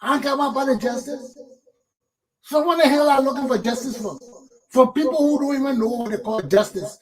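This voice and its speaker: A man hosts a talk show and gives heated political commentary. His voice sits high for a man. He talks bluntly, swears freely and hammers the same words over and over. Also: a little fast, low-quality recording. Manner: blunt and profane, repeats words, laughs often.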